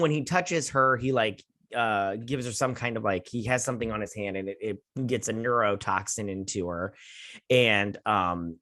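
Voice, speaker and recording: A young man hosting a casual episode review, recapping the plot sarcastically and mocking the characters' lines in quick put-on voices. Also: fairly low pitch, fairly bright tone. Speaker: show host.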